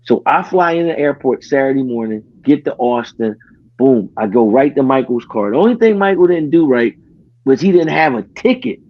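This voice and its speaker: A man hosting a podcast, telling a story in casual chat, animated, acting out what others said and often restarting his sentences. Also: medium pitch, moderate pace, lo-fi sound. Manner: animated, acts out quoted dialogue, frequent restarts. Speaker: podcast host.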